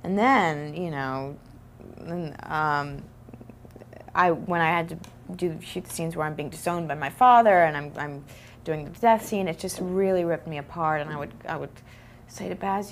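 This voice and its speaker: Brief: young woman, lowish, soft reflective interview answers. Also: moderate pace, a little hiss or hum. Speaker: actress being interviewed. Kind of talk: press junket interview.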